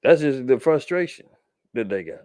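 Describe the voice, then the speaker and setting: A man's voice: mid-range voice, animated, moderate pace, warm tone, no room sound. A man hosting a show, talking loosely about the news with slang and restarts. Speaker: podcast host. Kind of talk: casual commentary on news.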